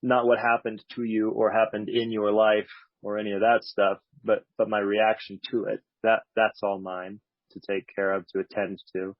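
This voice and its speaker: At a support meeting, a man with a lowish, fairly flat voice talks candidly and reflectively about his recovery, a slightly wry edge to his words. He speaks at a moderate pace, and the dull lo-fi recording carries no room sound.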